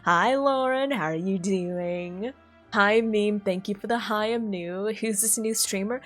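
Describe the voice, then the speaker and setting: A woman streamer talking casually to her chat in a playful, self-mocking way, lower in energy than usual. Her voice sits at a middling pitch, with soft music playing faintly underneath. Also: unhurried.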